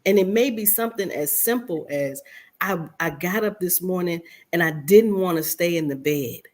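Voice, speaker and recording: A woman's voice: lowish voice, normal speed, darkish tone. A woman guest speaker giving earnest, motivational answers on a radio talk show, often repeating words as she speaks.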